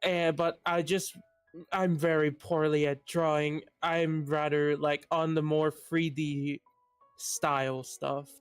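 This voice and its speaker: Dry-sounding, excitable chatter. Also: mid-range voice, slow, smooth, dry recording, soft background music. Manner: excitable, joking. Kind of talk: casual chat.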